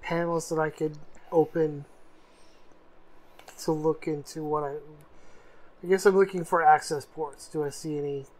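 A woman's voice: deep voice, steady tone, unhurried, long pauses, a little mellow, rough recording. A woman playing a tabletop game, asking plain, methodical questions. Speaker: player. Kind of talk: casual tabletop play.

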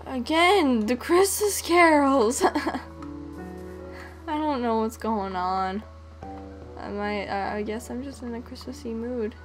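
Slow-talking playful young woman. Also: on the high side, faint music behind. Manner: playful, sings and hums to herself. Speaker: gaming channel host. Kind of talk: casual gameplay commentary.

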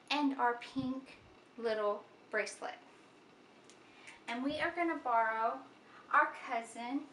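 A woman filming a casual home vlog, talking to the camera and soothing a baby in soft, repetitive baby talk. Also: high voice. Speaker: mother vlogger. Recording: roomy echo, distant mic, background noise.

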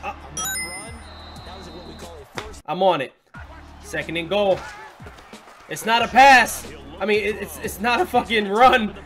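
A young man commentating his football video game play, excitable and frequently swearing and yelling at the players. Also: high voice, a little slow, music in the background. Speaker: gaming commentator.

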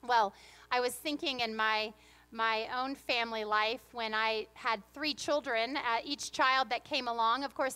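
A woman's voice: fairly high pitch, bright, forceful tone, clean tone. A woman pastor giving a sermon in a church, moving between earnest reflection and playful, humorous storytelling. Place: church sanctuary.

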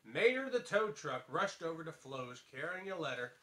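A man hosting a casual storybook reading vlog, playful and animated with jokey asides. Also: a little high, moderate pace. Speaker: vlogger reading stories.

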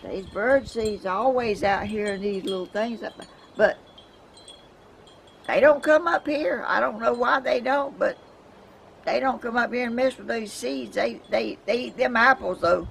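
An older Southern woman talks slowly through a rambling, folksy outdoor chat, her voice gravelly with fry. Faint wind chimes and yard ambience sit softly behind her. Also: on the high side. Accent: Southern American. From Georgia, USA. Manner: rambling, folksy, chuckling asides. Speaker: vlogger.

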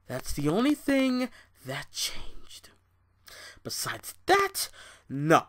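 A young man ranting in a show review, profane and exasperated, jumping from loud outbursts to low, bitter muttering. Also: sing-song, slow pace.

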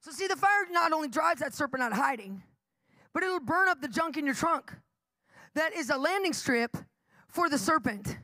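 A middle-aged woman preaching live with animated storytelling, laughing often and acting out the people in her stories. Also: sits high, moderate pace, no room sound.

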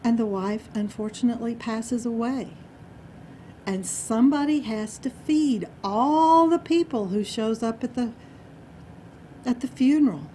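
Slow, expressive woman telling a story. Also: a little high, a little hiss or hum. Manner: dramatic, expressive, with hushed asides. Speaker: Toastmasters speaker. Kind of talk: storytelling speech. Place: meeting room.

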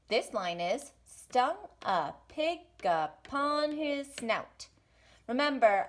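A woman teaching a music lesson to young children online, speaking slowly and encouragingly with sing-song rhythm drills. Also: on the high side. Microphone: home recording for an online class.

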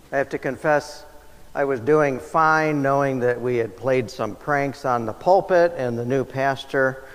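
In a church sanctuary, a man preaches a sermon slowly in a mid-range voice. His tone is conversational and self-deprecating, with touches of light humor, and the recording carries long church reverb.

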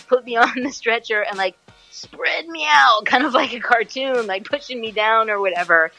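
A woman in her forties, an actress and musician, telling stories in a casual interview, animated and laughing often. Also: a little high, normal speed, vocal fry, faint music behind, rough recording. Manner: animated storyteller, laughs often, acts out quotes.

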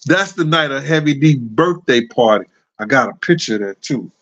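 Man, middle-aged, host, casual storyteller, chuckles, repeats himself, mid pitch, slightly muffled audio. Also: lively intonation, normal speed, a bit bright. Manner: loose, repetitive, chuckling anecdotes.

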